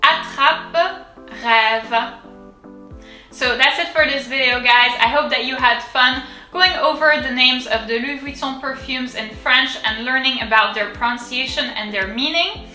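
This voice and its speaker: A woman giving a pronunciation tutorial, saying each word slowly and repeating it for drills. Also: high voice. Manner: slow, careful, repeats words to drill them. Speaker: French pronunciation teacher. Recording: echoey room with soft music.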